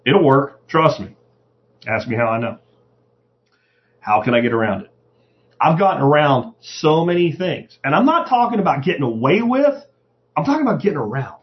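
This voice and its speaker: A middle-aged man hosts his podcast in a casual, profane monologue, his slightly high voice very animated, moderately paced and full of pauses. He often mimics the voices of people he quotes, and the audio is dull and lo-fi.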